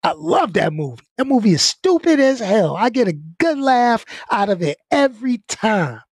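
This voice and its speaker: A man's voice: very high-pitched, big pitch swings, moderate pace, husky, no room sound. A man hosting his own channel, venting in a casual, blunt way, stumbling over and repeating words and laughing between points. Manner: laid-back, blunt, repeats himself, laughs often. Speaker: channel host.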